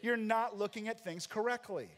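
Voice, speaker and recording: High-voiced emphatic American preacher in a reverberant church. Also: male voice, moderate pace, fairly bright tone. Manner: emphatic preacher, acts out quoted lines. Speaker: pastor. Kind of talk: sermon. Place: church sanctuary. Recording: long hall reverb.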